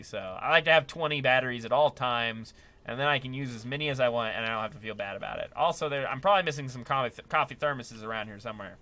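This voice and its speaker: Bright, chatty male game streamer. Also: medium pitch. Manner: chatty, upbeat, laughs often, talks to chat. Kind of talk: live gameplay commentary.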